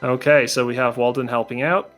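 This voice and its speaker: A man narrating as game master of a tabletop game, relaxed and hesitant, with fillers and chuckles. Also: medium pitch, a little fast, soft background music.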